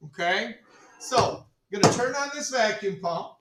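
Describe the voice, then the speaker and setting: A male chemistry teacher running a classroom demonstration, joking with students, repeating "all right" and calling the class ladies and gentlemen. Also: high-pitched, expressive, moderate pace, very noisy. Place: school classroom. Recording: echoey classroom from far off.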